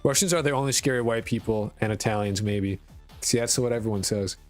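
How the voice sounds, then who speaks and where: A man's voice: lowish voice, brisk, faint music behind. A man from rural Connecticut, with a mixed New York, Boston and Connecticut accent, chatting casually and profanely on a game dev live stream. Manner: rambling, profane, self-deprecating.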